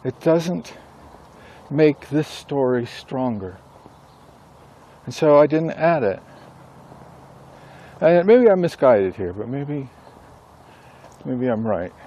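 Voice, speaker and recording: A man who writes books and teaches a class, talking casually and thinking aloud with pauses and self-corrections. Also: mid-range voice, big pitch swings, mellow. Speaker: author and instructor. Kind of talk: casual rambling monologue.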